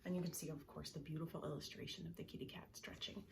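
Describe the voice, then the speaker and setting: Woman, children's librarian; calm, soothing bedtime reading, gentle and partly whispered; sits a little low in pitch. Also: fast talker, creaky, a little hiss or hum. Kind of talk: bedtime story time and breathing exercise.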